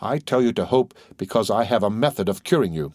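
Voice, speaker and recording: A man reading an audiobook voices a calm, mysterious nobleman who speaks in a measured, solemn and persuasive way. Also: on the low side, no room sound, studio quality. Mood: commanding.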